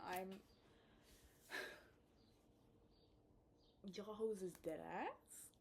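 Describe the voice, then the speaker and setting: A woman's voice: lowish voice, a little mellow, slight background noise. A young woman telling a storytime rant about dating in a casual vlog, blunt and profane, trailing off into mutters and then flaring into exasperated outbursts. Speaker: vlogger.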